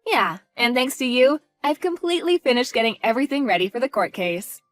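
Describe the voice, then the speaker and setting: A woman's voice: fairly high pitch, lively intonation, fairly quick, no room sound, natural voice. A woman voicing a scornful wife who confronts her cheating husband in a cold, mocking, cutting way. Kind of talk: voiced story drama.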